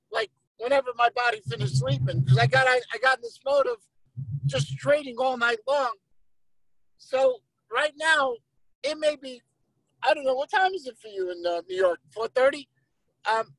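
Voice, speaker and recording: Lively, high, gravelly motivational speaker. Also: no echo, low-quality recording. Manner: animated storyteller who acts out quoted lines. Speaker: guest speaker on a group call. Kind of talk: motivational talk with a retold story.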